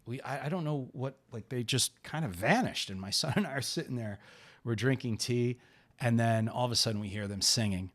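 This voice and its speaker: A middle-aged man hosting a podcast, narrating a personal story in an unhurried, rambling way with many pauses and restarts. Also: mid-range voice. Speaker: podcast host.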